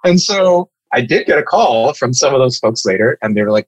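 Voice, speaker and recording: A man who leads an advocacy group, telling war stories in a casual, animated and profane way. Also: mid-range voice, brisk, no room sound, muffled recording. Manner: animated, profane, emphatic storyteller. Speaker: nonprofit advocacy leader. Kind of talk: casual podcast storytelling.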